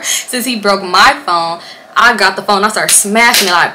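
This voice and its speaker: A young woman vlogger telling a storytime to her camera at home, casual and animated, swearing freely and acting out what people said. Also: medium pitch, fairly quick, background noise. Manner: animated, swearing, acts out quotes. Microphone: camera or phone on a stand.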